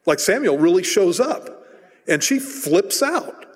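A man's voice: high-pitched, big pitch swings, slow pace. A man preaching a sermon in a casual, conversational way, retelling a story and briefly acting out its voices. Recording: hall reverb.

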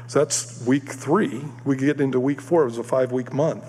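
A man giving a sermon, telling a personal story in an animated way and acting out the voices of the other people in it. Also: mid-range voice, moderate pace. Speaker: preacher. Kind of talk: sermon testimony. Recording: long hall reverb.

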